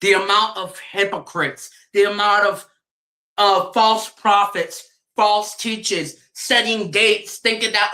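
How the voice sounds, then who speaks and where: A woman's voice: mid-range voice, slow pace, sharp tone. A woman streaming a fired-up religious rant. She preaches, mocks, laughs and swears a lot.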